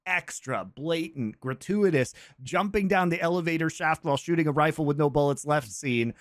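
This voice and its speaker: A man's voice: on the high side, moderate pace, no room sound, clean studio sound. A man co-hosting a podcast, making a casual argument about a movie and laughing easily. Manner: laughs easily, builds argued points. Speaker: podcast co-host. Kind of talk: casual movie review chat.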